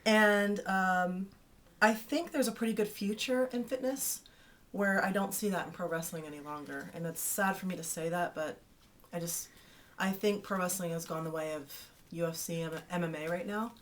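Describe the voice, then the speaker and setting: A woman's voice: on the low side, moderate pace. A woman in her thirties hosting a casual video newsletter for her fans, chatty and playful with teasing asides.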